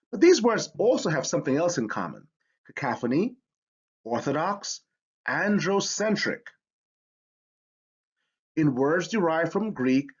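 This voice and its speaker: A man's voice: a little high, slightly rough, highs cut off. A man teaching a spelling lesson, explaining with enthusiasm. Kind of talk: educational lesson.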